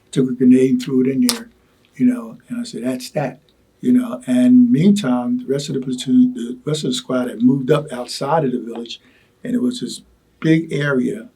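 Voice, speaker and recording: Gravelly older man, dark worn voice. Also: medium pitch. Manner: halting, repeats words, many "you know" asides. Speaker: Vietnam veteran interviewee. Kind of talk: oral history recollection.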